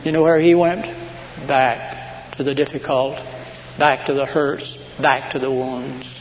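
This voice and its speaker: A man preaching a sermon as a pastor, telling stories dramatically and swinging between loud, slow proclamations and hushed asides. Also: mid-range voice, steady tone. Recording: hall reverb with faint background noise.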